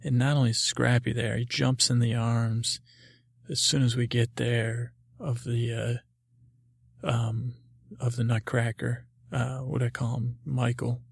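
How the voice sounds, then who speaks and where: Gravelly, husky man rambling through a story. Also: mid-range voice, flat delivery, dry recording, studio quality. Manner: rambling, halting, with many fillers and restarts. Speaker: podcast host.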